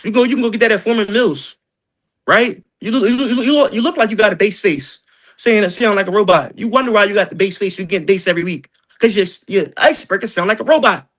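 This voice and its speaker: A man leading an energetic sales training session, joking and acting out doorstep exchanges. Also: high voice, fast talker.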